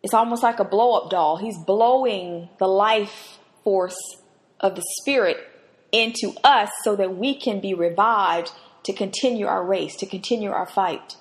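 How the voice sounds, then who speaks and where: This podcast host teaches from the Bible in a devotional, earnest and emphatic way, speaking at a measured pace in a mid-range voice. When she acts out quotes, her voice climbs sharply.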